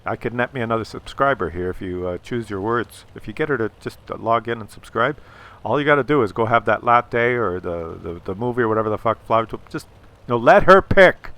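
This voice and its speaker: A man's voice: on the low side, animated, fairly quick, fairly bright tone. A middle-aged man hosting his own channel, giving sly, stammering advice to viewers and swearing freely. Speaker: channel host. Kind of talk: conspiratorial casual advice to viewers.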